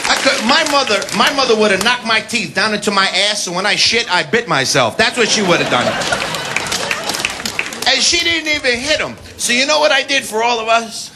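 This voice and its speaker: An American man doing a stand-up comedy routine, brash and profane, telling stories with shouted impressions. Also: sits high, expressive, normal speed. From United States. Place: comedy club stage before a live audience. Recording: live club recording, loud crowd and noise. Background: audience laughter and applause.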